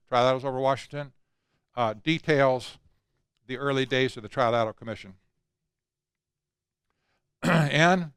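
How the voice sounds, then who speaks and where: An older man lectures to a room with emphatic, conversational delivery, slipping in asides along the way. His voice sits a bit high and comes across smooth and clear, with a dry, close sound. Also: fairly bright tone, no echo. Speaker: conference speaker. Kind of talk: lecture talk.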